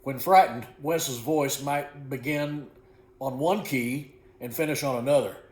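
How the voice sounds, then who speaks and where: A man reading aloud from a book he wrote, in an unhurried, folksy way, correcting small slips as he goes. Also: medium pitch, darkish tone. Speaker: author reading his own book. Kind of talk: storybook narration. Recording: echoey room.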